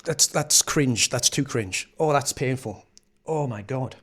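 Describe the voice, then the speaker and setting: A man's voice: medium pitch, animated, measured pace. Sarcastic man hosting a live stream. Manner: sarcastic, swears often. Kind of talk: casual reaction commentary.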